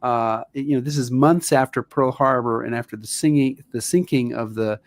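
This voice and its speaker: A man co-hosting a history show, asking the guest direct, measured questions. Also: medium pitch, steady tone, dry recording. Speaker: podcast co-host. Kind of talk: interview questions.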